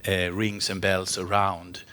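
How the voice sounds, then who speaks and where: A man's voice: sits low, monotone, takes it slowly, bright, forceful tone. A man speaking as a company executive on a panel, answering frankly with many restarts and fillers.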